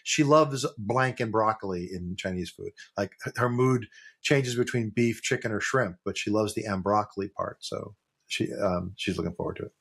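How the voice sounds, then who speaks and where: A man's voice: fairly low pitch, moderate pace, creaky, fairly bright tone, slightly rough. A man co-hosting a casual podcast, rambling and joking as he tells stories. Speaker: podcast co-host. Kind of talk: casual chat.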